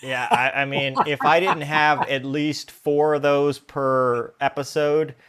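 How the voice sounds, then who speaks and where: A man's voice: a little high, level tone, slow pace, fairly bright tone, clean tone. A man hosting a live interview show over a video call, enthusiastic and casual. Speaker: podcast host.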